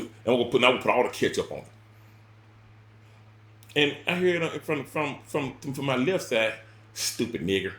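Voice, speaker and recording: In a roomy-sounding space, a man with a mid-range voice tells a personal story casually. He rambles and repeats words, swinging between sudden loud bursts and quiet drops.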